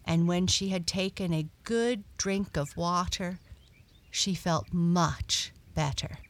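A woman reading a children's book aloud in a slow, gentle, steady storytelling manner. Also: on the low side.

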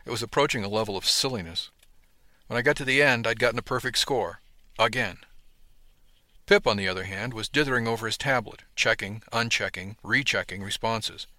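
A man narrates a novel in the first person with steady storytelling. His voice sits a little low but sounds bright and forceful. The recording is dry and close-miked. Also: fairly quick, no room sound. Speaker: audiobook narrator.

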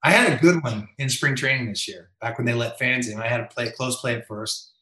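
Male guest, anecdote teller, bright voice, roomy sound. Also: mid-range voice, fairly quick. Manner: animated, acts out quotes with raised voice. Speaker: MLB umpire guest. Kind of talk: storytelling in interview.

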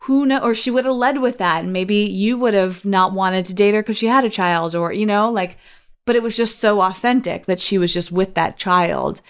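Smooth-voiced woman co-hosting a podcast. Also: medium pitch, moderate pace. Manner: thoughtful and rambling, with many fillers. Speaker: podcast co-host. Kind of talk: casual chat.

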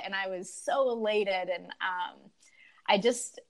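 Speaking a little slowly in a medium-pitched voice, a woman from Utah, USA, appears as a podcast guest and recounts a race as a marathon runner. Her storytelling is lively and grateful, peppered with plenty of "like" and "um" fillers in a conversational interview.

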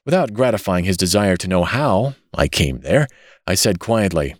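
A man reads a classic story aloud in a very deep voice, with lively, rising and falling intonation. The telling is dramatic and expressive. The recording is dry and close to the mic. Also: normal speed, dry recording. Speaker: audiobook narrator. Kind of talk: scripted narration.

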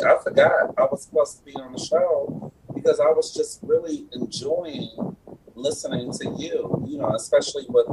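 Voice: mid-range voice, vocal fry, a little mellow, slight background noise, low-quality recording. A talk show guest speaking in easygoing, polite casual chat.

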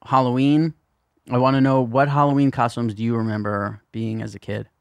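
A man's voice: mid-range voice, flat delivery, a little fast, gravelly, no room sound. A man co-hosting a podcast, rambling through a story in a casual chat and swearing often. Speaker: podcast co-host.

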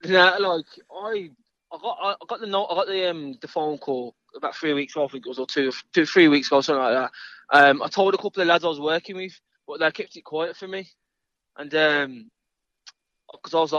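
A man's voice: on the high side, brisk, a bit bright, dry recording, muffled recording. A man, a guest in an interview, talking in an easygoing, rambling way and repeating his words. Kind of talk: casual interview chat.

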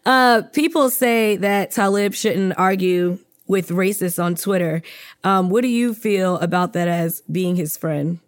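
Co-host, mid-pitched voice, brisk, playful, question-asker, dry close mic. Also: dry recording. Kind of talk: casual conversation.

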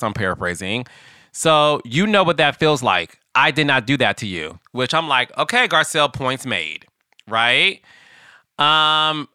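Man, podcast host, casual animated commentary, sassy asides, crisp voice, dry close sound. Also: mid-range voice, no room sound.

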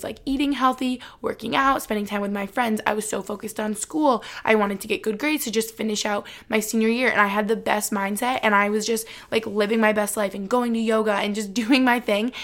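A young woman in her twenties talks straight to her viewers in a relaxed storytime vlog. Her speech is chatty and loose, scattered with "like". Her pitch sits in an ordinary middle range for a woman. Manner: chatty, heavy use of "like", speaks straight to viewers. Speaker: vlogger. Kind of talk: casual storytime chat to viewers.

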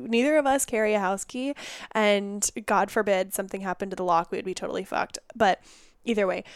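A woman's voice: mid-range voice, clean tone, no echo, clean studio sound. Congested woman rambling on her podcast. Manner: rambling, self-mocking, loses her train of thought. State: congested from a cold. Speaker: podcast host and holistic nutritionist. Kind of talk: casual solo podcast chat. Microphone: podcast microphone.

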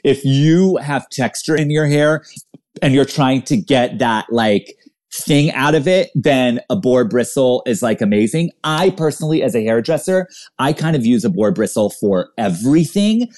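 A man's voice: mid-range voice, expressive, moderate pace, a little mellow. A man guesting in a casual chat, rambling and searching for words as he explains. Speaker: guest hairstylist.

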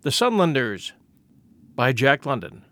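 A man narrating a classic story as an audiobook, measured and expressive. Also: medium pitch, dry recording.

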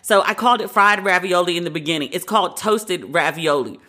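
A woman's voice: fairly low pitch, brisk, bright, forceful tone. A woman hosting a podcast, giving her frank opinions in a casual, conversational way. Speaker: podcast host.

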